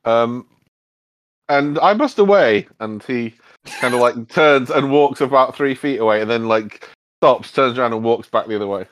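A man's voice: medium pitch, fairly even intonation, normal speed, fairly bright tone, no echo. A man narrating a tabletop game as game master, casual and rambling. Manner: casual, rambling with fillers and voiced figures.

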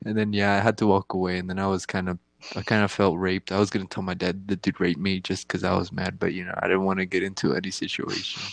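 A man's voice: deep voice, monotone, fast, creaky, no echo. A young man telling a crude story in casual chat, rambling and slangy, laughing at his own jokes.

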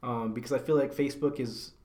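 A man's voice: mid-range voice, fairly even intonation, fast, darkish tone. A young man hosting a podcast, chatting casually in a loose, slangy way with plenty of swearing and fillers. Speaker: podcast host. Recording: echoey room.

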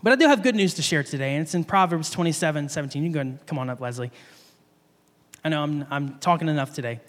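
A man's voice: a little high, quick pace. A man giving a sermon, telling a story from his childhood and laughing often as he talks. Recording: long hall reverb.

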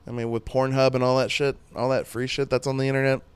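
A man's voice: medium pitch, little pitch movement, quick pace, smooth, no room sound. A man in his thirties hosting a podcast solo, rambling and joking crudely in casual chat. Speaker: podcast host.

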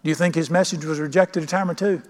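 A man's voice: fairly high pitch, fairly even intonation, fast talker. A pastor preaching a sermon, emphatic and questioning his congregation. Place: church sanctuary. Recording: long church reverb.

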